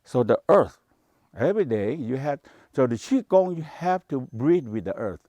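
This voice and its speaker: A man's voice: medium pitch, sing-song, moderate pace, mellow, no echo, studio quality. A man teaching Taoist meditation practice, speaking English with non-native grammar in short, repeated phrases. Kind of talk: spoken teaching to a workshop.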